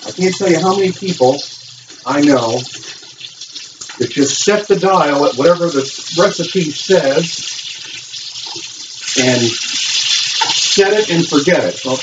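High-voiced man demoing a recipe. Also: animated, slow, pauses often. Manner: chatty, explains each step. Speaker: home cook hosting a cooking video. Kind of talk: casual cooking demonstration. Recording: lo-fi with running water noise.

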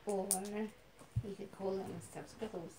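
A woman's voice: mid-range voice, steady tone, a little slow, warm tone, slight background noise, low-quality recording. A young woman who chimes in with teasing, dry comments while her friend records.

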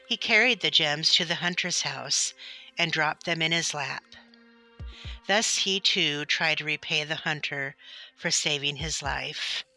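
A woman narrating a children's story in a gentle, deliberate way. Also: low voice. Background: soft background music.

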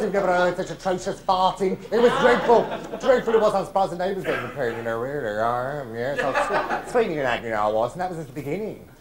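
An actor playing a camp, waspish older English comic with a drawn-out theatrical delivery. He gossips crudely and swings into indignant outbursts. Performed live on stage as a monologue. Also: high-pitched. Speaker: stage actor in a one-man show.

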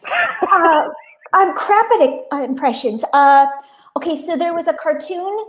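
A woman chatting as a guest on a video call, working through her thoughts out loud. Her voice is high. It carries a roomy echo around it. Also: lively intonation, measured pace. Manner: chatty, thinks aloud. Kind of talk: casual chat over video call.

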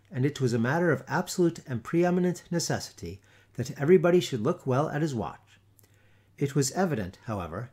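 A man reading a classic tale aloud in a theatrical, expressive storytelling manner. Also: mid-range voice, slightly rough. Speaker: audiobook narrator. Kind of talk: scripted story narration.

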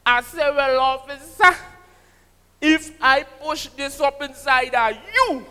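A man doing an impression of a brash male comedian, with a Trinidadian accent and sing-song, shouted punchlines. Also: extremely high pitch, takes it slowly, full character voice. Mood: boisterous. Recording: live stage with long hall reverb.

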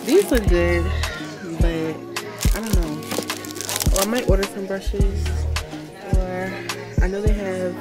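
A young woman chatting through a casual day-in-the-life vlog, bubbly and full of exclamations. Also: mid-range voice. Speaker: vlogger. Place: beauty store.

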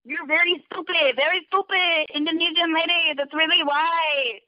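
A furious woman caller is in a heated phone argument, swearing and making threats. Her voice is very high, with a steady tone and normal speed. The phone-line audio sounds dull, with no room sound.

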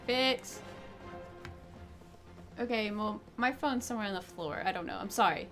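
A woman host giving casual, excitable let's play commentary, chatty and swearing freely. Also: mid-range voice, moderate pace, soft background music. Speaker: gaming video host.

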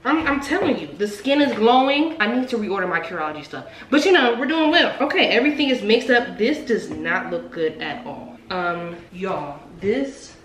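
A woman's voice: mid-range voice, expressive, normal speed, hardly any pauses, a bit bright. A young woman vlogging casually while she cooks at home, chatty and self-mocking, with dramatic asides. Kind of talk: casual cooking vlog chat. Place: home kitchen. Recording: echoey kitchen with noise.

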